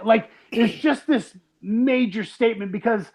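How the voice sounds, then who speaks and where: Podcast co-host, male, casual and animated, acts out lines. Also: high-pitched, normal speed. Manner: animated, laughs often, acts out quotes. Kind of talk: casual movie podcast chat.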